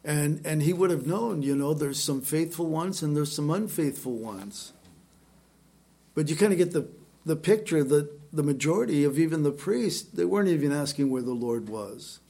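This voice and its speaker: A man's voice: on the high side, animated, moderate pace, vocal fry, mellow. A male pastor giving an expository sermon, conversational and emphatic, reading scripture aloud and adding his own asides. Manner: conversational, emphatic, with fillers and restarts.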